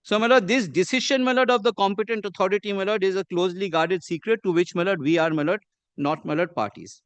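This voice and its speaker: A man with an Indian English accent, arguing a case before a judge in measured, deferential courtroom speech. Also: high voice, a bit bright, no room sound. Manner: measured and deferential, says "my lord" constantly. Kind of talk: formal courtroom argument.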